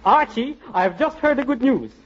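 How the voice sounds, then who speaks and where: A man's voice: very high-pitched, expressive, moderate pace, background noise. An actor playing a pompous, overly courtly male singer in a 1940s radio comedy, talking in a theatrical, flowery way. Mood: effusive. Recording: dull old radio broadcast.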